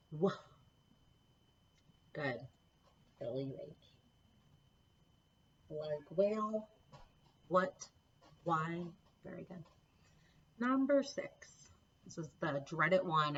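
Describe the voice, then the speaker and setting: Slow patient lady teacher doing phonics drills, kinda low voice, dull lo-fi audio, faint hiss. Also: a bit bright. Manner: patient, slow, encouraging, spelling out sounds. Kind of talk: recorded phonics lesson for children. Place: home classroom setup with a board.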